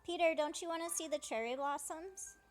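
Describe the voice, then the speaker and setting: This fan dubber speaks briskly in a high-pitched voice as she plays through a game. Chatty and casual, she paraphrases the characters' dialogue using "she's like."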